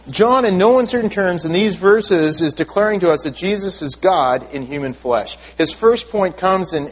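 A man preaching a sermon as pastor, explaining scripture and leading the congregation in reading aloud together. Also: a little high. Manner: explanatory, repeats words when restarting.

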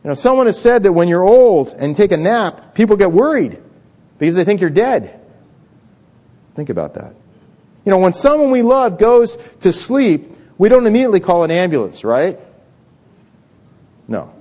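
High-pitched guy preaching in a church hall, chatty, keeps repeating words, muffled lo-fi sound. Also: very animated, normal speed, pauses often, mellow. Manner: conversational preaching with many repeated words and restarts. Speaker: pastor. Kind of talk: sermon.

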